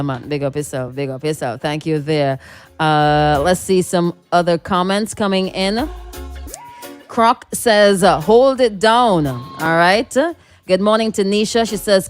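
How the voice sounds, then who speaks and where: A woman from the Caribbean hosting morning radio, chatting casually and reading listener comments aloud, laughing often. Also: mid-range voice. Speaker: radio host.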